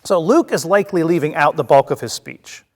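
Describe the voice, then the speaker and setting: A man teaching a Bible study to a congregation, telling the story lively and acting out scenes, with many fillers and restarts. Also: on the high side, fairly quick. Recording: long reverb of a hall.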